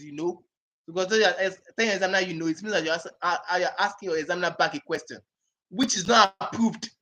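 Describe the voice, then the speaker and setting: This IELTS speaking tutor, a man with a Nigerian accent, leads an exam-prep class by repeating important phrases and firing questions back at students to confirm they keep up. His voice is high-pitched with a sharp tone.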